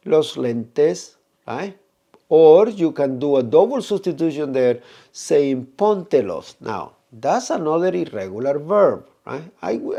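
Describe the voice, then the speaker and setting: A man, teaching a grammar lesson and often checking in with "right?" while he slowly draws out the examples. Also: a little high, vocal fry, mellow. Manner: explanatory, frequent "right?" checks, slow drawn-out Spanish examples. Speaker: Spanish teacher.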